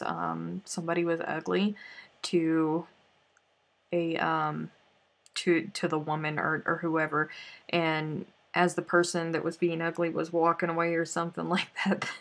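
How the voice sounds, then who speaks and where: A woman's voice: low-pitched, creaky. A woman with a Southern US accent chatting casually on a crochet live stream, sometimes counting stitches under her breath.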